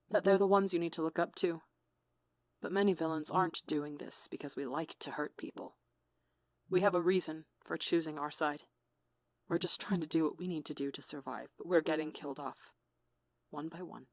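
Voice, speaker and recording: Woman as a soft, flat-voiced villain leader. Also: deep voice, normal speed, no room sound, studio quality. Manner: flat, soft, non-judgmental. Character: calm female villain leader, earnest.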